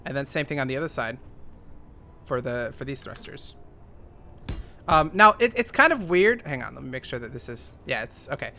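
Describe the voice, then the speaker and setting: A man's voice: mid-range voice, sing-song, normal speed, long pauses, sharp tone. A young man giving casual, rambling commentary while playing a game, thinking aloud with lots of fillers. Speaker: gaming YouTuber.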